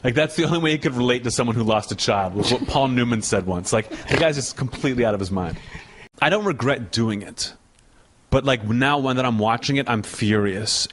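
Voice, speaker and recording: A man, a comedian guest on a talk show, telling brash, sardonic anecdotes in casual chat. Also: on the low side.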